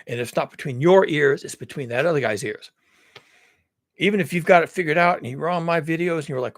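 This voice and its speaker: Male creator, raised husky voice, profane doom-laden rant, dry close sound. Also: a little high, expressive, quick pace, no room sound. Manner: dramatic, profane, paints grim scenarios. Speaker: video creator. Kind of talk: ranting monologue.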